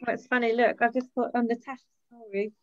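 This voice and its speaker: A woman hosts her book launch over a video call, gushing with gratitude and reading passages aloud. Her voice sits fairly high. The sound is dry and a little dull. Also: level tone, fairly quick, no echo. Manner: gushing and grateful, laughs easily. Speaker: author and healer hosting her book launch.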